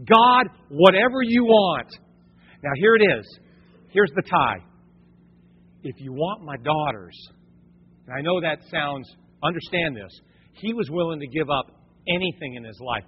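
A man's voice: a little high, expressive, unhurried, long pauses, slightly rough. A man preaching a sermon in a folksy storytelling way, talking to his congregation as folks. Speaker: pastor. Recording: dull, echoey church hall recording.

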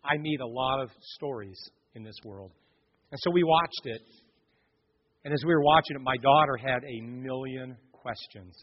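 A male pastor preaching a sermon with husky, dramatic storytelling that swings between loud bursts and hushed passages. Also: mid-range voice, moderate pace. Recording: echoey hall, dull lo-fi sound.

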